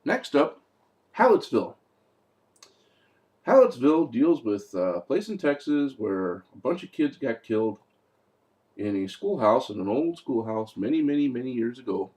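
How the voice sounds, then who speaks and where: A man's voice: medium pitch, sing-song, normal speed, darkish tone. A young man giving a casual, mocking movie review, talking loosely and acting out lines.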